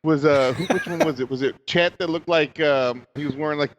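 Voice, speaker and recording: A man's voice: a little high, brisk, background noise. A man from Northern California, a guest on a casual podcast, who hesitates and searches for words with many fillers. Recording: dull echoey remote line.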